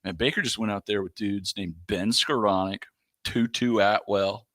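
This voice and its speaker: Animated, bright-voiced man telling sports stories. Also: on the low side, normal speed, dry recording, clean studio sound. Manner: animated storyteller, acts out yelling and sound effects. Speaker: co-host. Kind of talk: casual sports chat.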